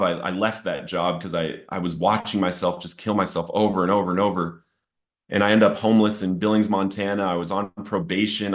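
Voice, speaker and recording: Guy giving his recovery testimony, earnest, gets really worked up at the big moments, lowish voice. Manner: earnest, emotional storytelling, rising to near-shouting at peaks. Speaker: testimony speaker.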